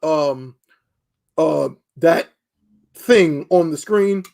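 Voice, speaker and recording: Man, high voice, animated casual co-host. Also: very slow, creaky. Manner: emphatic, animated storytelling. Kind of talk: casual podcast chat.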